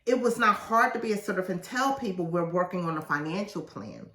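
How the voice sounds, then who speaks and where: A woman's voice: lowish voice, a little fast. Emphatic woman host in an echoey room. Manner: assertive, emphatic and animated. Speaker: podcast host and author. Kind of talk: reading aloud from her own book with casual asides. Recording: roomy echo, mic at a distance.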